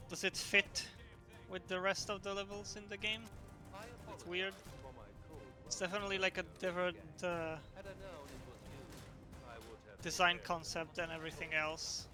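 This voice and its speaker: A man, a game developer, chatting casually on a livestream and explaining things in a relaxed way with fillers. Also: sits high, measured pace, pauses often, music in the background.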